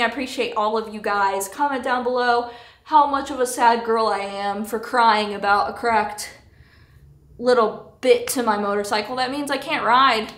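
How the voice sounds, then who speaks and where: A woman's voice: fairly high pitch, fairly bright tone. A woman motorcycle vlogger talking casually and candidly while upset and tearful, swearing now and then. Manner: candid, swears, laughs between lines. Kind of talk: casual vlog chat. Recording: echoey room with faint music.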